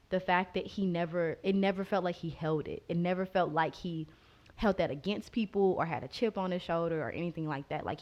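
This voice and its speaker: Loud, lively woman storyteller. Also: sits low, highs cut off. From Boley, Oklahoma. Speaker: guest. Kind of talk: poem reading and comic storytelling.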